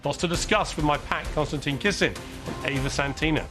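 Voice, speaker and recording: A man hosting a news talk show, croaky from illness, putting direct, leading questions to his guest. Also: fairly high pitch, fairly quick, music in the background. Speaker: host.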